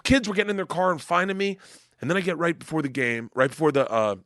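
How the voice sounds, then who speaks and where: Loud, bright-voiced profane man telling stories. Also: fairly high pitch, fast talker, dry recording, studio quality. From Tampa, Florida. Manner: animated, profane storyteller acting out quotes loudly. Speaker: comedian guest. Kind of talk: casual storytelling chat.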